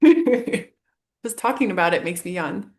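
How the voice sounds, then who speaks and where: A woman's voice: fairly low pitch, animated, measured pace, a little mellow. A woman hosting a podcast, enthusiastic and affirming, laughing often in casual conversation. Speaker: podcast host.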